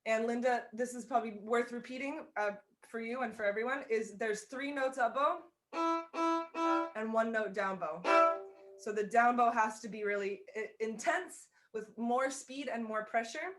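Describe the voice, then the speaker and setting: A woman with a fairly high voice teaches fiddle over a video call. She explains in a chatty, casual way, restarting and rephrasing her sentences as she goes. Her voice comes through a home computer mic. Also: normal speed, hardly any pauses, soft background music. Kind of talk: online music lesson, casual explaining.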